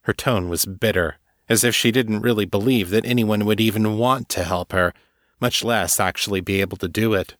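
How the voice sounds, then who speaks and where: A man narrating serial fiction in a measured, even reading. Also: fairly low pitch, dry recording, clean studio sound.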